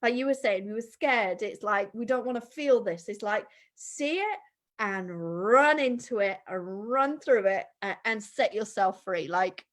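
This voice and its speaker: A woman chatting as a guest, animated and acting out the voices of people she quotes. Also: mid-range voice, a little slow. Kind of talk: casual conversation.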